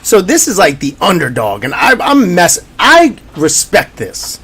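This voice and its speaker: A man co-hosting a casual sports podcast. His voice sits a little high and swings up and down with energy. He tells stories and slips into acted-out quotes along the way. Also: a little slow, slightly rough. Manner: animated, storytelling with acted-out quotes. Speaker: podcast co-host.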